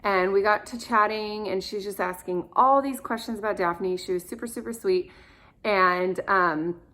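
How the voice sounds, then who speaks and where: A woman's voice: mid-range voice, normal speed, bright, forceful tone. A woman in her thirties, an adoptive mother, telling stories in a casual, rambling way with many fillers. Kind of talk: casual storytelling to camera.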